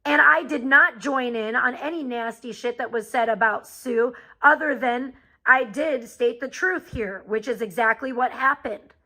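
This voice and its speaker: Brief: woman streamer, high, sharp voice, angry profane rant at chat. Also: measured pace, poor audio. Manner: profane, heated and confrontational. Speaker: live streamer.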